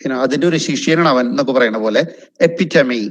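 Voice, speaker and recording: A man's voice: medium pitch, racing, low-quality recording. A man with a Malayali accent teaching English pronunciation in a webinar, switching between English and Malayalam and emphatically repeating each word. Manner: emphatic, repeats words over and over to drill them. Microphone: video call.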